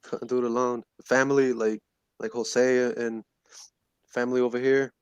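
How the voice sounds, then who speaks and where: A man giving a casual personal testimony in an earnest, halting way with soft laughs. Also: mid-range voice, level tone, smooth, no echo, dull audio. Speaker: guest in recovery ministry.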